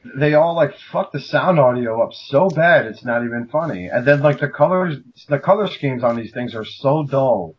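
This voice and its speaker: A man's voice: medium pitch, expressive, moderate pace, husky, muffled recording. A man hosting a podcast, chatting casually in a profane, rambling way. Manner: profane, rambling, breaks into mock voices. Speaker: podcast host. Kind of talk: casual chat.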